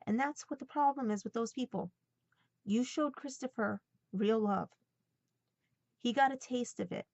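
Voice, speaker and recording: Woman, vlogger, earnest, heartfelt, halting, dry close sound, lo-fi. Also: a little high, vocal fry, darkish tone, dry recording. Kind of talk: emotional personal vlog, relaying a message.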